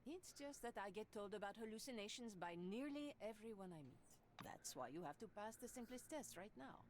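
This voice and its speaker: A woman's voice: mid-range voice, lively intonation, a little fast, darkish tone, a little hiss or hum, lightly acted. A woman voicing a stern female project director, firm and dryly sarcastic, reading game dialogue aloud. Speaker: voice reader.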